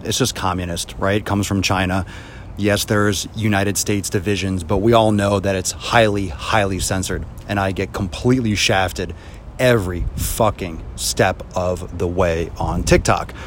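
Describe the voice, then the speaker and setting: A man in a heated, profane rant about his videos, recorded outdoors with faint traffic noise behind. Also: lowish voice. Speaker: social media creator. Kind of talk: angry ranting vlog.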